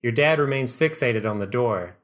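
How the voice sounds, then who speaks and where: A man hosting a podcast, reading a comedic second-person story in a dry, deadpan way. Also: medium pitch, moderate pace.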